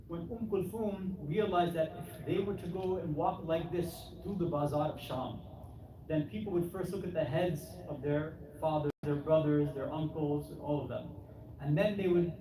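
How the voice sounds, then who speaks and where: A man giving a narrative sermon, telling the story dramatically and voicing the people in it. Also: fairly high pitch. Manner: dramatic storytelling with voiced quotes. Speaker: speaker at a mourning gathering. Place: large prayer hall of an Islamic center. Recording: echoey hall, distant mic, background noise.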